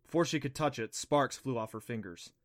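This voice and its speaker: A man narrates an audiobook with a steady storytelling delivery. His voice is middle-pitched and even. The reading is scripted. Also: brisk.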